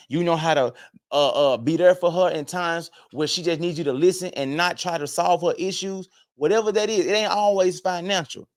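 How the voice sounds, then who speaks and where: A young adult man giving an emphatic, preachy opinion monologue to his viewers, often repeating words and restarting sentences. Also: a little high. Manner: emphatic, preachy, addresses viewers as fellas and fam. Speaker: online commentator. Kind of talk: direct-to-camera opinion monologue.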